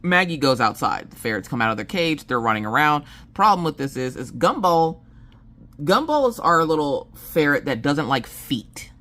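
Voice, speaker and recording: Woman in her 30s chatting about her kids, low voice, super animated, jokey. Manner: animated, jokey, acts out family members' lines. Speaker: vlogger telling family stories. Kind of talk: casual storytelling chat.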